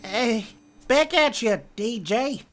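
A man putting on a brash, old-fashioned 1950s gentleman who calls people pal, teasing strangers on a video call. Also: very high voice, expressive, slow pace, over loud music, full character voice. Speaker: online video chat prankster. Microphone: webcam on a video call.

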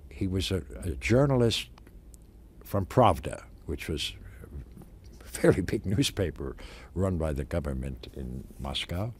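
An older man, an actor, reminiscing in an interview in a halting way, with many fillers and restarts. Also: low voice, a little hiss or hum. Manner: halting, many fillers and restarts, animated when stressing points.

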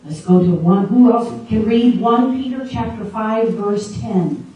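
A woman's voice: fairly high pitch, measured pace, warm tone. Woman preacher in a very echoey hall. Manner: emphatic, asks the audience questions. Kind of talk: sermon to a women's gathering. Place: large echoey meeting room. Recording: very echoey room, distant mic.

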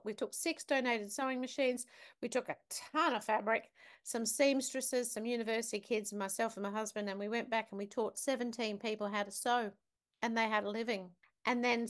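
Emphatic woman telling a story. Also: a little high. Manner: vivid, emphatic storyteller who asks the listener questions. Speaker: podcast guest, business academic. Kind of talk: storytelling in conversation.

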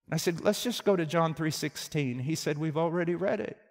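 Male preacher, high-voiced, storytelling sermon that swings from hushed to shouting, reverberant church hall. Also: brisk.

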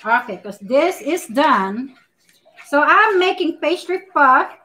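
A woman hosting a casual live baking stream, chatting warmly with viewers, greeting them by name and laughing often as she works. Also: high voice, sing-song, takes it slowly.

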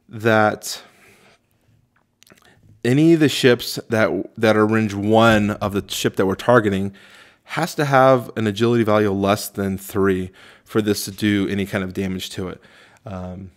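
A man reviewing a tabletop game, reading rule text aloud slowly and thinking out loud with many fillers and restarts. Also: fairly low pitch. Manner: halting, many fillers, reads rules slowly.

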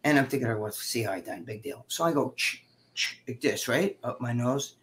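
A man's voice: medium pitch, moderate pace. A middle-aged man casually telling stories on a live stream, swearing freely and acting out what other people said. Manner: profane, animated, acts out quoted dialogue. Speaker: guest co-host.

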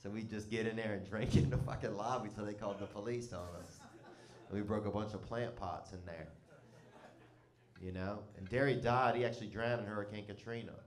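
A man's voice: on the low side, fairly even intonation, brisk, roomy sound. A man telling a comic story in a loose, rambling, profane way, often breaking into laughter. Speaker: comedian.

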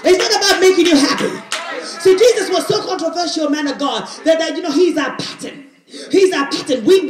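A woman pastor preaching a fiery sermon with call-and-response, rising often into shouts. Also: extremely high pitch. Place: church sanctuary with congregation. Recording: echoey church with crowd.

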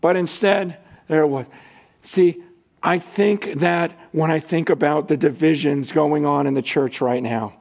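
A middle-aged man preaching a sermon as a pastor, impassioned, swinging from shouting to quiet prayer. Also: a little high, steady tone, unhurried, vocal fry. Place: church hall.

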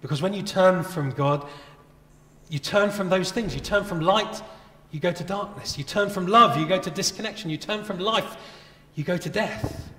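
A man's voice: high-pitched, moderate pace, pushed and bright. A man preaching a sermon as a pastor, earnest and conversational, asking his listeners many rhetorical questions. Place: church. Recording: echoey church with long reverb.

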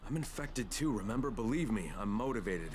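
A man's voice: on the low side, lively intonation, fairly quick, darkish tone, a little hiss or hum, lightly acted. An actor playing a tough man in a video game who speaks bluntly and threatens when needed. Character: tough adult male runner doing errands.

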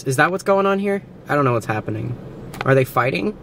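A man's voice: medium pitch, expressive, fast talker, gravelly, a bit bright, poor audio. A man vlogging casually from a moving car, rambling, joking and swearing as he drives. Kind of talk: casual vlog while driving. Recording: road noise from a car.

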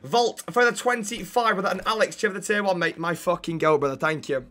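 A man streaming a police role-play game, loud and cheeky, swearing freely and reading out chat shout-outs. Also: sits high, a little fast. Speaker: streamer playing a police officer.

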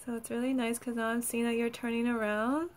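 A woman energy healer who talks gently and soothingly in a guided healing session, laughing often and saying "like" a lot. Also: on the high side, level tone, brisk.

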